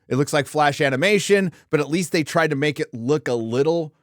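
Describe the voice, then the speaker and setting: A man's voice: fairly high pitch, brisk, dry recording, clean studio sound. Rambling, crude-humored man hosting a chat show. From Southern California. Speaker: host. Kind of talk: casual livestream chat.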